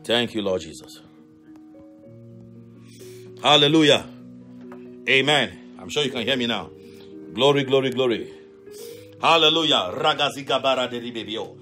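A pastor leading a fervent live prayer sermon, shouting repeated commands and breaking into tongues. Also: male voice, medium pitch, animated, normal speed, long pauses, soft background music. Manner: speaks in tongues between prayers.

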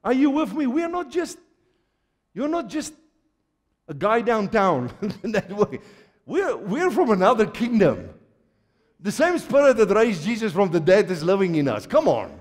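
A man from Africa delivers a sermon with a lively, swooping voice that sits a little high for a man. He moves from soft asides to shouted declarations and laughs often with his audience. The hall's long reverb trails behind every line. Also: unhurried, long pauses. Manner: animated preaching that swings from quiet to shouting, laughs often. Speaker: pastor. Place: large church hall. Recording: church hall reverb.

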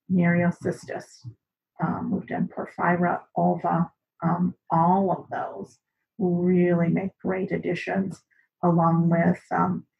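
Gravelly-voiced woman teaching a class. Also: fairly low pitch, darkish tone. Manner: chatty, many fillers. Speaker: instructor. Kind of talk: teaching a cooking and herbal class. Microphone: recorded on camera for an online class. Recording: dull lo-fi recording.

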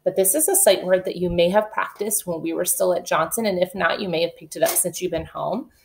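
A woman teaching a remote kindergarten phonics lesson. She drills letter sounds slowly and deliberately, then reads a rhyme aloud in an encouraging sing-song. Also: on the low side, fairly even intonation, vocal fry, a little hiss or hum.

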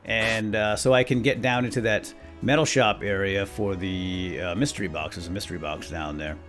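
A man's voice: fairly low pitch, fairly even intonation, moderate pace, a bit bright, soft background music. A man chatting his way through a video game as a let's play host, talking to himself and chuckling often. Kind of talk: gameplay commentary.

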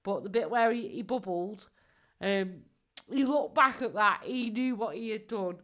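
A woman's voice: medium pitch, unhurried, fairly bright tone. A woman, giving casual live-stream commentary in a mocking tone, laughing often and swearing freely.

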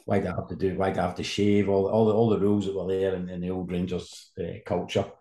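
A man in his fifties, a sports journalist guest, telling animated anecdotes in casual conversation. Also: deep voice, fast talker. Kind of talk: casual storytelling. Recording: roomy echo.

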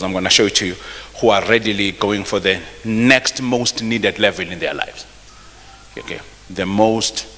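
Deep-voiced preacher in a reverberant church. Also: male voice, pushed and bright. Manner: reads scripture aloud and stops to explain it; repeats and restarts phrases. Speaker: pastor. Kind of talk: sermon. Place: church hall.

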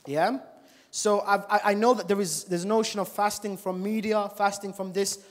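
A male preacher giving a church sermon, animated and full of rhetorical questions to the congregation. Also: sits high, normal speed. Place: church service. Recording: long reverb of a large church hall.

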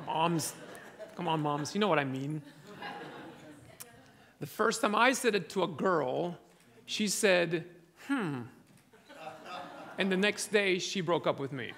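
A man's voice: a little high, expressive, measured pace, creaky, pauses often, fairly bright tone. A man giving a sermon, telling funny stories to an audience that laughs along. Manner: humorous storytelling, audience laughing. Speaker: preacher.

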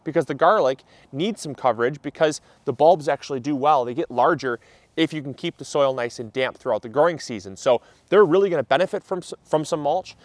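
An upbeat man hosts a casual gardening video outdoors. His voice sits a little higher than most men's, and it sounds dry, with no room echo. He talks in a chatty, enthusiastic way and often stops on fillers. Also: fairly quick. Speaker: gardening channel host. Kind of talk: casual instructional vlog.

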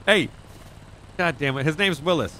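Bright-voiced brash man, swearing freely. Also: a little high, lively intonation, moderate pace, a little hiss or hum. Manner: brash, profane, easygoing. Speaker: roleplay streamer playing a rich animal owner. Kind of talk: in-character roleplay chat.

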